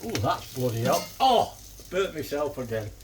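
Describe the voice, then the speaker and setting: An older man with a Manchester accent chats casually at a mid pitch as he cooks. He swears lightly and chuckles often. A faint sizzling griddle sits behind his voice. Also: sing-song, normal speed, noisy background. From England. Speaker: cooking vlogger. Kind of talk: casual chat while cooking.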